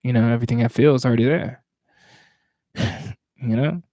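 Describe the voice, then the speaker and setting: Speaking at home at night between poems on a livestream, a spoken word poet from Virginia chats casually with a Southern accent. His medium-pitched, warm voice moves at a moderate pace on a dry recording, reflective and searching, often breaking off to restart sentences.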